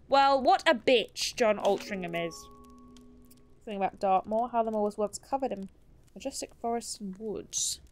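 A woman's voice: mid-range voice, normal speed, dry recording. A woman streaming a game, chatting casually, self-mocking and reading game text aloud. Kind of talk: casual gameplay commentary.

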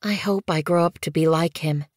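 A woman's voice: deep voice, moderate pace, dry recording, clean studio sound, lightly acted. A woman voicing a curious, earnest young she-kitten in an audiobook. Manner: wondering, earnest. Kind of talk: audiobook character voice.

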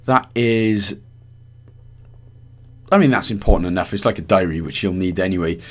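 A man's voice: low voice, normal speed. Chatty Welsh man narrating a game guide. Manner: chatty, rambling, self-mocking. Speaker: gaming guide host. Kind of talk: casual walkthrough commentary.

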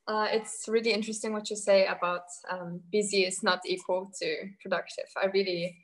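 A woman's voice: mid-range voice, flat delivery, brisk, low-quality recording. Woman from northern Italy. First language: German. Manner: explains with examples, laughs often. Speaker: educational video creator. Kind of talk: casual video call chat.

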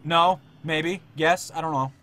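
A young man doing let's-play commentary, excitable and swearing, shouting at the game. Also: fairly high pitch, a little slow, heavy background noise. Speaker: gaming YouTuber. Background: game sound and music.

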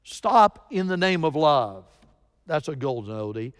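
A male pastor delivers a sermon at a deliberate, unhurried pace, his fairly high voice leaping up for emphasis. The sound carries a long reverb from the church sanctuary. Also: big pitch swings, clear, resonant tone. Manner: storytelling with sudden emphatic rises.

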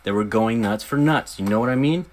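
A young man casually retelling a horror movie's scenes in a profane, animated review, slipping in quick acted quotes. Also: lowish voice.

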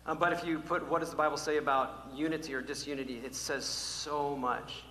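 A man preaching a sermon as pastor, animated, drawing out key words slowly for emphasis. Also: a little high. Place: church sanctuary. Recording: echoey church hall, faint hum.

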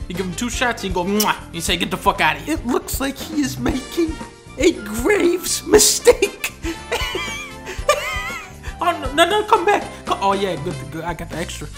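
A man giving comedic gameplay commentary, profane and mocking, dropping to low mutters and then bursting into shouts.

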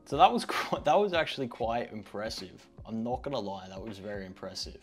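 A young man hosting a tech tutorial, chatty and easily amused. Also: on the low side. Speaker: host.

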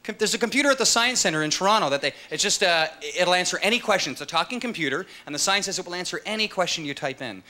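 A man's voice: high-pitched, expressive, rapid-fire, hardly any pauses. A man doing a stand-up comedy set on a live stage, in a loose, joking manner with rhetorical asides. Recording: live stage mic with loud crowd laughter.

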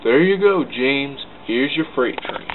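A man's voice: medium pitch, lively intonation, slow, pitched above the performer's own voice. A man voicing a blunt little male engine who tells others off, on a tinny, hissy recording. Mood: cheerful. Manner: blunt, scolding. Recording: tinny lo-fi with hiss.

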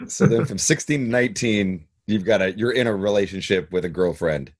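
A man hosting a podcast, laid-back and blunt, reacting with quick short remarks and follow-up questions. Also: on the low side. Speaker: podcast host. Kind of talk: casual conversational interview.

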